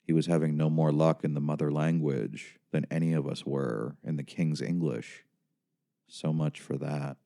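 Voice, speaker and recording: A man narrating a first-person audiobook in a wry, bleak, deadpan way. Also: a bass voice.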